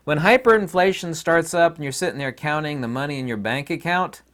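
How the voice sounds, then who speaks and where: A man's voice: on the high side, a little fast, fairly bright tone. A man hosting his own channel, talking in a rambling, opinionated and folksy casual monologue. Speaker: channel host.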